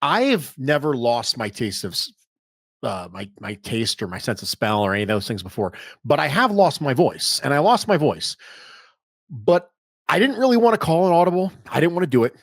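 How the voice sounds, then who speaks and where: A man's voice: mid-range voice, big pitch swings, normal speed, no echo, studio quality. A man guesting on a podcast, telling stories animatedly with speech and emphatic repetition. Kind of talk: casual podcast interview.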